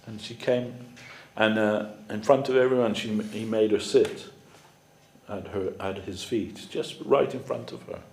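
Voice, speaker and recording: A man's voice: on the low side, fairly even intonation, unhurried, creaky, reverberant, a little hiss or hum. A man giving a storytelling sermon as a spiritual teacher, conversational with many fillers. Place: temple hall.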